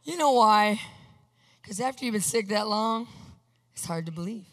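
A preacher telling a personal story in a sermon, animated, acting out what people said and asking for amens. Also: mid-range voice, normal speed, big-room sound. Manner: animated, acts out quotes, asks the congregation for amens.

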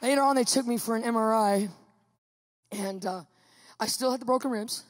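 A woman preaching, telling her own story to a congregation with lively, acted-out quotes. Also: fairly high pitch, moderate pace, big-room sound, some chatter behind. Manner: animated storytelling, acting out quotes. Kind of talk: testimony sermon to a live audience.

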